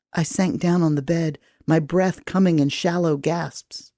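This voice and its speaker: A woman reading first-person audiobook narration in a measured, even way. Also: sits low, dry recording, clean studio sound.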